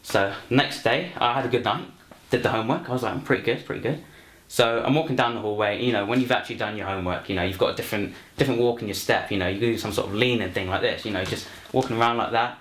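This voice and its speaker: Young man, rambling, lots of ums, low voice, roomy echo, faint music. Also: quick pace, fairly bright tone, slight background noise. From London. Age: young adult. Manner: rambling, many fillers and restarts. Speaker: university student, actor. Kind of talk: self-introduction and comic story for a showreel.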